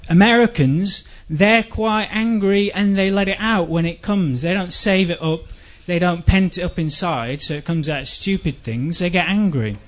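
A man with an English accent delivering a dry, rambling, self-deprecating comic monologue that breaks into shouted outbursts. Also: high voice, moderate pace, few pauses. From England. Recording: dull lo-fi recording.

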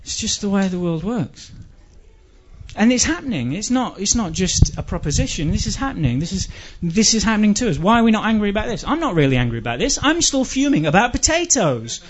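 Brief: male stand-up, high voice, rambling and stammering, muffled lo-fi live recording. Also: sing-song, a little fast. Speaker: stand-up comedian. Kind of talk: stand-up comedy.

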